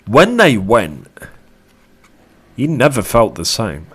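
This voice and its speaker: A man giving a casual tarot reading to camera, chatty and animated, with casual swearing. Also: mid-range voice, slow, husky. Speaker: tarot reader.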